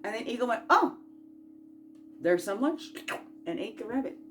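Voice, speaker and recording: Playful and rambling, a woman coaches self-growth in a casual motivational chat as a spiritual host, folksy and encouraging with asides and rhetorical questions. She alternates loud bursts with quiet murmurs, speaking a little high, animated, and at a moderate pace over faint music.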